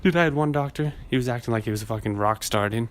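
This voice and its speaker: A man's voice: mid-range voice, racing, a little hiss or hum. A man hosting a podcast, telling a rambling, profane story and acting out the people in it. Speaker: podcast host. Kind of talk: casual chat.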